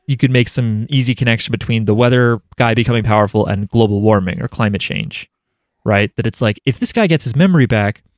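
Man co-host, loose rambling recap, quick to laugh. Dry, mid-pitched. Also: no room sound. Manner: rambling, joking, laughs often. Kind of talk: casual chat recapping a show.

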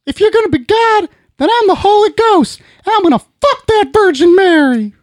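A man on a podcast putting on the shrill, taunting voice of a male imaginary tormentor. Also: animated, moderate pace, no echo, clean studio sound. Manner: shrieking, high, loud mockery.

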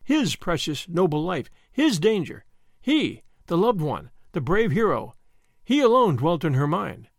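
A man narrating a classic novel in an expressive, dramatic reading voice. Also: high voice, a little slow, no echo, clean studio sound. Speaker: audiobook narrator.

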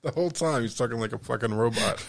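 A man's voice: medium pitch, quick pace, creaky. A man co-hosting a podcast in casual chat, loose and laughing, swearing often. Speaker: podcast co-host.

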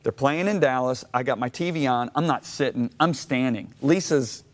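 A middle-aged man from Michigan, telling a personal story as a guest on an interview show, animated and acting out his own reactions. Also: mid-range voice, normal speed. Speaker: guest author.

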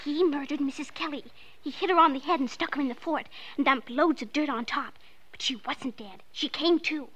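A woman's voice: high-pitched, moderate pace, fairly bright tone. A woman playing a determined, earnest little girl in a 1940s radio drama. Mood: urgent.

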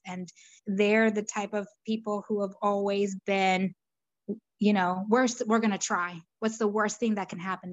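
A woman's voice: mid-range voice, no echo, dull audio. A middle-aged woman from Peru, a guest, telling her story thoughtfully with frequent fillers and restarts. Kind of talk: reflective conversational storytelling.

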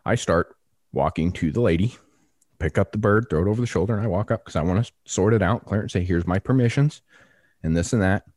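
Male podcast co-host, low voice, dry mic, animated storyteller who acts out the voices. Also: fast talker, no echo. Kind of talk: casual storytelling.

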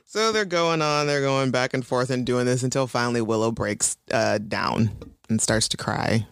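A woman co-hosting a casual chat that recaps a TV episode, animated, laughing often and swearing as she acts out the characters. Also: a bass voice, moderate pace, gravelly, dry recording, studio quality. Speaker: podcast co-host.

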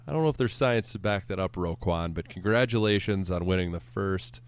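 A man's voice: low-pitched, fairly quick, clean tone. A man hosting a sports podcast, chatting casually with a dry, teasing humor.

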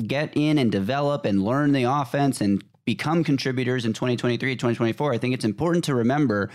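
Chatty dude on a sports podcast, keeps jumping in with quick comments. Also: male voice, mid-range voice, darkish tone. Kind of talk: casual sports chat.

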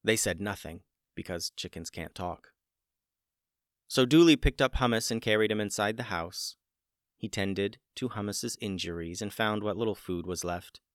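A man narrating a children's story in a gentle storytelling manner, building the excitement through its dramatic parts. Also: lowish voice, moderate pace, no echo, studio quality. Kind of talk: scripted narration.

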